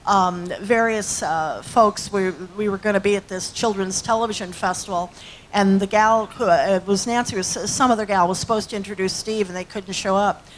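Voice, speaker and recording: A woman's voice: medium pitch, fairly even intonation, normal speed, a little hiss or hum, low-quality recording. A woman in her sixties, an actress and acting teacher, telling rambling anecdotes to an audience. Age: 60s. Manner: chatty, rambling storyteller with fillers.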